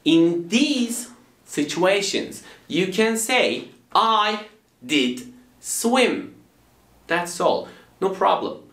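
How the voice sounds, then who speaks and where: Animated man teaching English. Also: high-pitched, very slow, reverberant. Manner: animated, acts out example dialogues in voices. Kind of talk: video language lesson.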